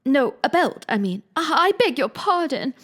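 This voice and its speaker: A woman's voice: lively intonation, moderate pace. A woman voicing a polite, curious seven-year-old girl in a storybook reading, earnest and courteous. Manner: earnest, polite, raised pitch.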